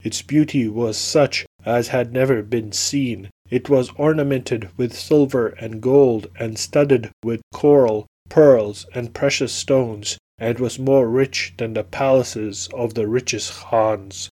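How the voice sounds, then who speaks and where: A male storyteller reading a folk tale in a steady, measured voice. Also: medium pitch.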